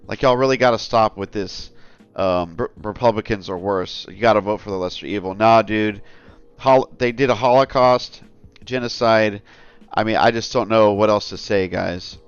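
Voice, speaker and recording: A man's voice: fairly low pitch, normal speed, smooth, no echo, lo-fi sound, soft background music. A man hosting a casual commentary vlog, talking in a rambling, earnest way and often calling his viewers "guys.". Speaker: channel host.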